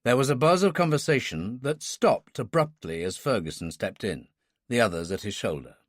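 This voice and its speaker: A man's voice: medium pitch, moderate pace, no echo, studio quality. A man narrating a thriller audiobook and voicing many characters. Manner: expressive, voices many characters.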